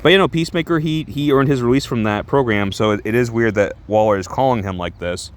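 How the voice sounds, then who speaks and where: A man's voice: medium pitch, fast talker, clear, resonant tone. A man casually reviewing a comic book in a rambling, crude, chatty way, laughing often and correcting himself as he goes.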